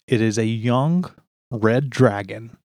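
A man's voice: mid-range voice, slow, a little mellow, no room sound, clean studio sound. A man playing a tabletop game, talking casually and asking questions about his character's moves. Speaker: player.

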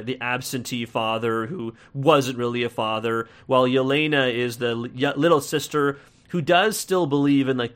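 A man's voice: medium pitch, a bit bright. A man with an American accent giving a casual, rambling film review, full of fillers and restarts, with wry laughs.

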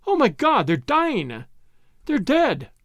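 A man's voice: wildly swooping pitch, slow, fairly bright tone, no echo, studio quality, heavily acted. A man voicing a terrified young girl crying out in fright. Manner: high frightened cries.

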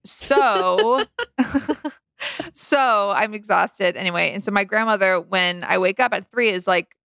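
A woman co-host telling a rambling family story in a relaxed podcast chat. Her voice is bright and edgy, with a gravelly fry at the ends of phrases. It sits smooth and close in a dry, dead room. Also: measured pace, no echo. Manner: chatty, acts out quoted lines with big pitch jumps.

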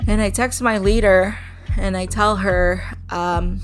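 A woman telling her own story as a personal testimony, soft and halting, with many pauses and fillers. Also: mid-range voice, fairly even intonation, soft background music.

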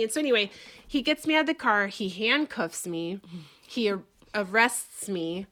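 Bright-voiced woman telling a wild story. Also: on the high side, moderate pace. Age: 40s. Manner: animated, swears freely, acts out quotes. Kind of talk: casual storytelling chat.

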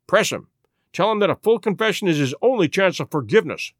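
A man reading a story aloud and voicing an eager detective who gives brisk, commanding orders. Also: high voice, big pitch swings, no room sound, clean studio sound. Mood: urgent. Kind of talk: audiobook reading.

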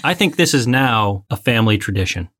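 A woman's voice: rumbling low, animated, brisk, fairly bright tone. A woman co-hosting a casual movie podcast, playful and giggly as she runs through the cast and facts. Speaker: podcast co-host.

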